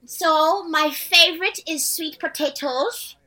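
A woman's voice: very high voice, takes it slowly, pushed and bright. A woman playing a tabletop game, hesitant and playful. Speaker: player.

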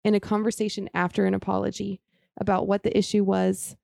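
An earnest woman shares her thoughts on a faith-based podcast, her sentences running on and on. Her voice is mellow with a gravelly edge. She sits close to a dry microphone. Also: mid-range voice, flat delivery, brisk, dry recording. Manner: earnest, speaks in long flowing run-ons.

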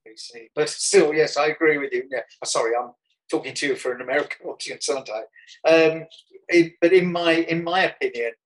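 A man from Birmingham with his regional accent and a slightly husky, breathy voice, telling a winding story in a relaxed interview. He restarts phrases often and chuckles along. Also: a little high, moderate pace, low-quality recording. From Birmingham, England. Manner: rambling anecdotal storyteller with frequent restarts and chuckles. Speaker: artist guest.

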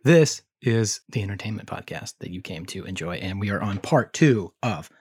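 A woman co-hosting a podcast in casual chat, joking and telling animated stories. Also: very deep voice, normal speed, breathy edge, no room sound, clean studio sound. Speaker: podcast co-host.

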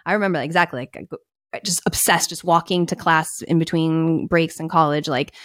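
A young woman co-hosting a casual podcast chat, animated and acting out her own past thoughts. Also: low voice, fairly quick, dry recording, clean studio sound.

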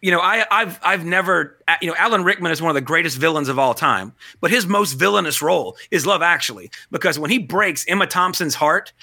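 A man's voice: a little high, fairly quick, vocal fry, few pauses, pushed and bright, dry recording, studio quality. A man hosting a podcast in casual, rambling chat, joking at his own expense. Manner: rambling, self-deprecating, joking. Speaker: podcast host.

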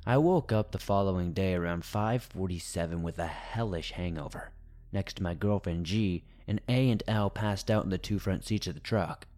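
Low, dark-voiced man narrating horror. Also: normal speed. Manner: tense, dramatic storytelling. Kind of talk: first-person scripted horror narration.

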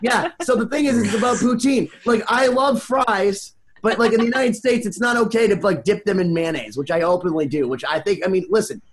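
High-voiced man ranting on a podcast. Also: a little fast, hardly any pauses, crowd noise. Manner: rambling, animated, heavy swearing. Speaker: podcast co-host. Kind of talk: casual chat.

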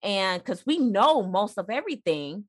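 A woman's voice: medium pitch, big pitch swings, a little slow. A woman guest on a podcast and mother of a toddler, talking earnestly and encouragingly in casual chat.

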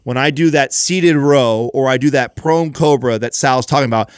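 A man's voice: medium pitch, moderate pace, smooth, no room sound, studio quality. A man co-hosting a fitness podcast, explaining training tips in casual chat with frequent restarts. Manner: coaching, explains with repeated restarts. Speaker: podcast co-host.

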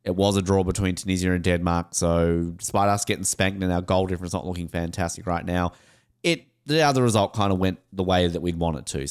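Man, Australian podcast host, lowish, animated, casual. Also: clear, resonant tone. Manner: animated, joking, quick asides. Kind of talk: casual sports podcast chat.

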